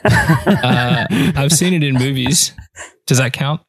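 A man's voice: medium pitch, lively intonation, slightly rough. A man with an Australian accent, joking around as a guest in a casual podcast chat. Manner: joking, quick banter.

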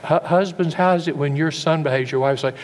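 A man preaching a sermon. His voice is mid-pitched and rings with a long reverb through a large hall, over a faint background hum. He keeps asking his listeners questions and often restarts a word mid-phrase. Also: fairly quick. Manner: rhetorical questions and stumbling repeats.

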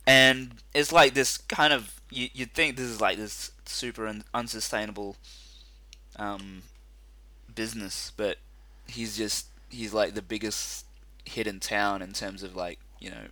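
A man co-hosting a casual chat, rambling and animated with lots of fillers. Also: lowish voice, unhurried. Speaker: podcast co-host.

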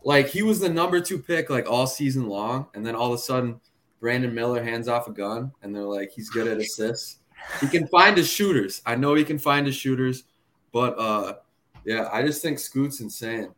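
A man's voice: mid-range voice, moderate pace, fairly bright tone, slight background noise. A man, a guest on a sports podcast, talking in an enthusiastic, slangy way. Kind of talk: casual sports chat.

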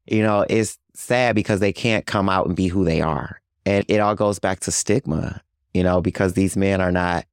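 A man's voice: low voice, steady tone, normal speed, smooth, no room sound, studio quality. A man being interviewed as a community outreach worker, speaking earnestly in casual talk with many "you know" fillers. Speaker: guest, HIV outreach worker.

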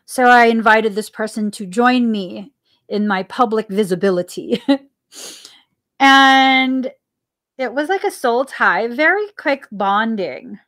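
A woman's voice: fairly high pitch, lively intonation, slow pace, fairly bright tone. A woman hosting a spiritual podcast, musing earnestly about her own life, asking herself questions and laughing often. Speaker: podcast host. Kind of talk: reflective spiritual talk.

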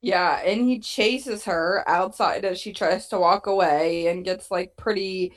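Woman podcast co-host, casual recap chat, animated delivery with frequent swearing. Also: lowish voice, measured pace. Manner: animated, swearing, acts out quotes.

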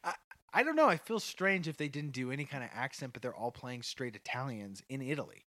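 A man co-hosting a podcast in a casual, animated movie discussion, laughing often and swearing casually. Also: mid-range voice, fairly quick, no echo.

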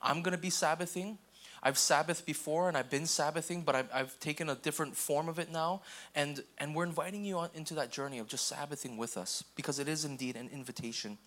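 A man's voice: on the high side, fast talker, fairly bright tone. Casual chatty male pastor preaching. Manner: casual, repeats okay and restarts, acts out quoted voices. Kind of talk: sermon.

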